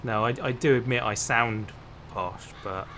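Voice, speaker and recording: Man from Hampshire, unhurried speech, chatty livestream banter, steady game noise underneath. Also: mid-range voice. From Hampshire, England. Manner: chatty, laughs often, greets viewers. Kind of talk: casual gameplay chat. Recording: clear game noise behind.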